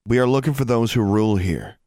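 A man's voice: mid-range voice, expressive, fairly quick, dry recording, clean studio sound, pitched above the performer's own voice, close to an everyday voice. A man voicing a sixteen-year-old boy in an audiobook, polite but firm and easily flustered. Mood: earnest. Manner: pleading, then sharp.

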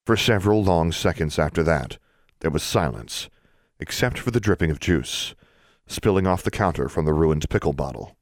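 Low-voiced guy reading a story, calm steady pace, dry close sound. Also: moderate pace, no room sound. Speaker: audiobook narrator. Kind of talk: scripted narration.

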